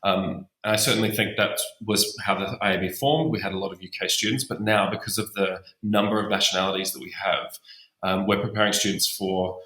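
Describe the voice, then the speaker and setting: A man, a musical theatre educator speaking in a measured way with many ums. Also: low-pitched, fairly even intonation, pushed and bright. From Australia. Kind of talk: casual interview talk. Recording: roomy echo.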